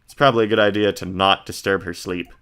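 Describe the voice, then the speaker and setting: A man's voice: fairly even intonation, fast talker, a bit bright, clear, resonant tone. A man streaming a game, reading the game text aloud in a casual, laid-back way, often murmuring his asides. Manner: laid-back, reads descriptions in a low murmur.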